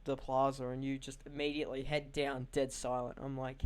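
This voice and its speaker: A young man co-hosting a podcast, swearing and telling animated stories about his friend, acting out what people said. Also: mid-range voice, brisk, clean tone. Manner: animated storytelling, swearing, acts out quoted voices. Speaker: podcast co-host. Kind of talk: casual banter.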